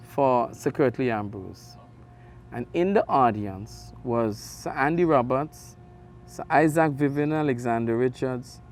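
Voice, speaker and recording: A middle-aged man with an Antiguan accent, a radio sports host telling stories in an interview, animated with big jumps in his voice. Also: mid-range voice, a little hiss or hum. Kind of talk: conversational interview storytelling.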